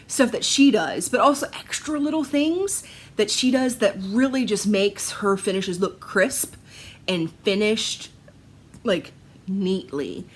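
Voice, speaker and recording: A woman chatting from a chair at home for her vlog, with a husky, slightly breathy voice in a middle register. She talks in an excitable, meandering way, breaking into laughter as she goes. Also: mid-range voice, slow pace. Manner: excitable, laughs often, rambling asides. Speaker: Flosstube vlogger.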